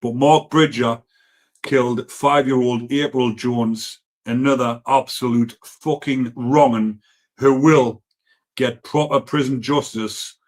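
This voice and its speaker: A man hosting a casual live stream reads comments from viewers in a Geordie accent, speaking plainly with plenty of swearing and digressions. He talks slowly in a mid-range voice with fairly even intonation.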